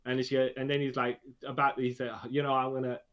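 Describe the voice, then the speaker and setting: A man's voice: mid-range voice, monotone, a bit bright. Chatty man in casual film talk. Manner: chatty, repeats words, quick laughs. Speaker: podcast co-host.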